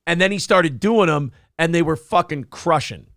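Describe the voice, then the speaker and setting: A man's voice: a little high, lively intonation, moderate pace, a bit bright, no room sound, studio quality. A man hosting a casual chat show, rambling and self-mocking with plenty of swearing. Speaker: host.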